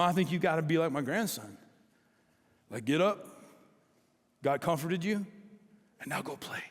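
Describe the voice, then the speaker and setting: A middle-aged pastor preaches a sermon, telling stories animatedly and acting out the dialogue. His voice is a little high, with a big-room sound.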